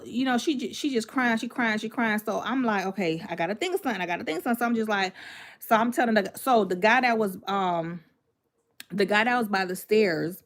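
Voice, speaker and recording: A woman vlogger casually telling a personal story to her viewers, animated and emphatic, repeating phrases and breaking off with asides. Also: a little high.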